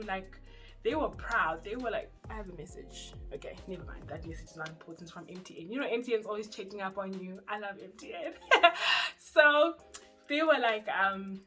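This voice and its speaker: A young woman from South Africa with a South African accent, telling her story in a casual, animated vlog. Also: medium pitch, fairly quick. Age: young adult. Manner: chatty and animated, acts out quoted voices. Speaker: YouTuber. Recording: music playing underneath.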